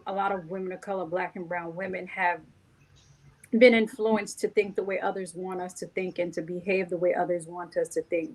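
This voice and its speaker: A woman's voice: on the low side, rough recording. A woman on a panel giving emphatic, encouraging advice. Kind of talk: motivational panel talk.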